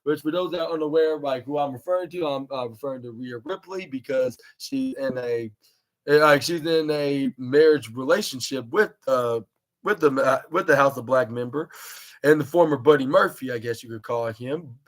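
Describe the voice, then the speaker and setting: A man's voice: medium pitch, moderate pace. A man hosting a podcast, recapping a wrestling show in a casual, rambling way with lots of filler words. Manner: rambling, heavy on "like" and "this is where". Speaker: podcast host.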